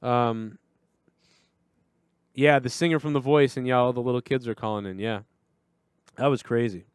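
A man's voice: mid-range voice, steady tone, normal speed, smooth, no echo, clean studio sound. A man hosting a livestream show in casual chat, a crude, rambling storyteller who swears and laughs often.

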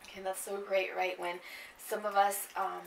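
A woman's voice: mid-range voice, little pitch movement, normal speed, vocal fry. A woman lecturing on literature in a classroom, chatty and conversational, often checking in with "okay" and speaking to her students. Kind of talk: classroom lecture, reading aloud. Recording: echoey classroom from far off, faint noise.

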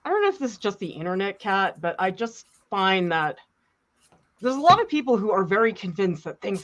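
Playful, animated woman art teacher. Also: medium pitch, fairly quick. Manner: playful, teasing, expressive. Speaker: art teacher co-hosting a demo. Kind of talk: casual chat during an art demo.

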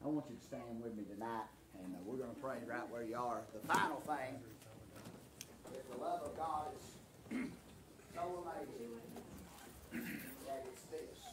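A man preaching a sermon into a microphone in a church, swinging from shouting to hushed near-whispers. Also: medium pitch, moderate pace, pauses often, noisy background. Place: church sanctuary. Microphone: handheld or stand microphone.

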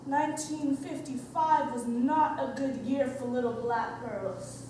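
A young actress with a high voice delivering a lively theatrical monologue. She is caught from far back in the house, and the stage reverb is heavy, with a faint hiss underneath. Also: a little slow. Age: young adult. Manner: vivid, playful storytelling.

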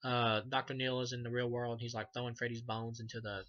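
A man's voice: medium pitch, completely flat delivery, brisk, fairly bright tone, muffled recording. A man giving a casual, rambling spoken review of a horror film, swearing often and filling gaps with "like" and "um". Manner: rambling, profane, many fillers. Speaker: movie reviewer.

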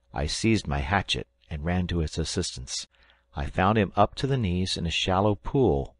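Man, audiobook narrator, very low voice, measured storytelling, dry close sound. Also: no room sound. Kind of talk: scripted narration.

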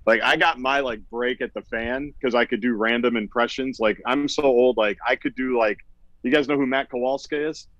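A man's voice: mid-range voice, steady tone, normal speed, a bit bright, no echo, dull audio. Rambling man on a podcast. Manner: rambling, full of "like". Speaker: podcast guest, sports radio host. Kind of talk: casual podcast chat.

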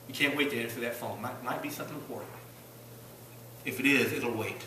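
A man preaching a sermon in a church, asking rhetorical questions, rising to loud bursts and dropping low. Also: a little fast, slight background noise. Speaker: pastor. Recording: echoey church room from a distance.

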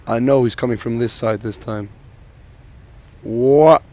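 A man with a sore throat giving jokey, excitable commentary while playing a shooter game. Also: mid-range voice, a little fast. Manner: jokey, excitable, talks to teammates and himself. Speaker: gamer. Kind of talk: gameplay commentary.

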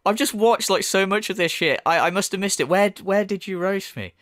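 A man's voice: high voice, a little fast, a bit bright, no room sound, studio quality. A man giving an angry, sarcastic commentary full of swearing and mockery. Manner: profane, mocking, sarcastic rant. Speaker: YouTube commentator.

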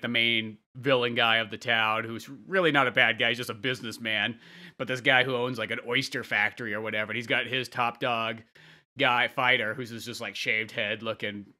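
A man with a forceful, bright voice at a middle pitch, chatting loosely about a movie on a podcast. He jokes and laughs often as he talks. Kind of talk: casual movie review chat.

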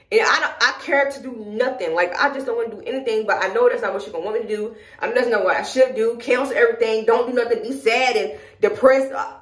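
A woman's voice: a little high, fairly bright tone, echoey room. A young Southern woman from Georgia chatting casually to her phone camera at home, frustrated and rambling as she speaks her mind. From Georgia, USA. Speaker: vlogger. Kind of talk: casual vlog talk to camera. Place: at home, indoors.

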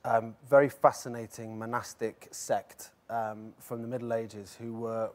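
A man's voice: mid-range voice, level tone, unhurried. Laughing Welsh man, casual talk-show guest. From Wales. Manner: laughs easily, some stammering restarts. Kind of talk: casual chat.

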